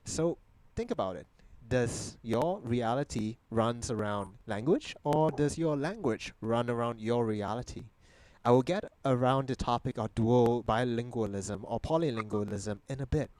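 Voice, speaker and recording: A man's voice: medium pitch, lively intonation, measured pace, darkish tone, no echo, poor audio. A young man from Malaysia, a native Mandarin speaker, hosting a video-call session and explaining ideas in English with rhetorical questions. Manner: lecturing, asks the audience rhetorical questions. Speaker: host.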